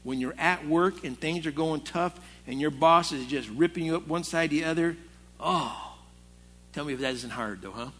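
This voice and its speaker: A man's voice: a little high, normal speed, fairly bright tone. A male pastor preaching to a men's Bible study in a conversational, storytelling way. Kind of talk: sermon. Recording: long hall reverb.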